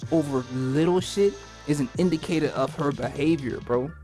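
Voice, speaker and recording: Woman host with a very low voice, slangy and animated, music playing clearly under her. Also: normal speed. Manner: slangy, animated, says bro a lot. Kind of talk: casual commentary.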